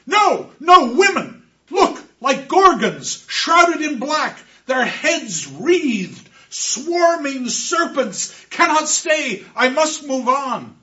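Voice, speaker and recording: Lecturer voicing a haunted young avenger, high and sharp, dull distant recording. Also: male voice, measured pace. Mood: terrified. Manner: declaiming, rising to shouts. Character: anguished young male avenger, haunted and frantic.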